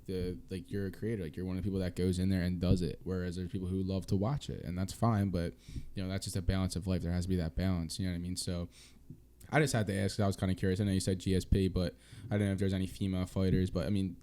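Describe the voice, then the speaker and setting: Fast-talking young Philly man, deep voice. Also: little pitch movement, dark tone, clear, resonant tone. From Philadelphia. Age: 20s. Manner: loose and rambling, heavy fillers, casual swearing. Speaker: podcast host. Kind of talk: casual chat.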